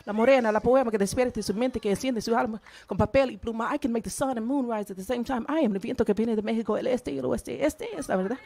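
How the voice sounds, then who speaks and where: A woman's voice: fairly high pitch, very fast, gravelly, hardly any pauses, dark tone. A woman performing spoken word poetry in a rhythmic delivery that switches between English and Spanish. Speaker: slam poet.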